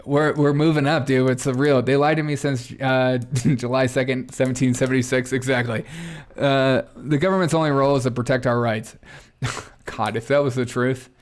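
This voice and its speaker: Man, sarcastic livestream commentary, laughing asides, thinking out loud. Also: medium pitch, steady tone, normal speed. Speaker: political commentary host reacting to clips.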